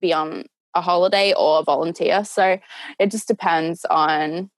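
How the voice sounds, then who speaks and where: A woman's voice: on the low side, fairly even intonation, unhurried, no room sound. A young Australian woman, a guest in a casual interview, laid-back and laughing a lot. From South Australia.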